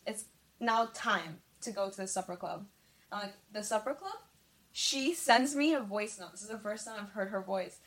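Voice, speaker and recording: A woman's voice: medium pitch, expressive, normal speed, a bit bright. A young woman, a podcast guest, chatting casually and telling stories, often filling with "like" and talking to listeners as "you guys". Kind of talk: casual chat.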